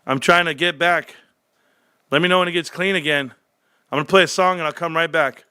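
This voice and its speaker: A man hosting a livestream, ranting brashly and cursing, swinging from low muttering to shouting excitement. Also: a little fast, background noise. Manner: profane, brash. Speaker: livestream host. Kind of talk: casual livestream rant.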